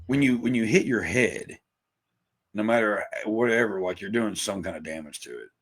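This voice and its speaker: A man's voice: fairly low pitch, expressive, normal speed, a little hiss or hum. A man, chatting on a podcast in a rambling, profane and self-mocking way. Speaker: podcast guest, musician. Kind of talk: casual podcast chat.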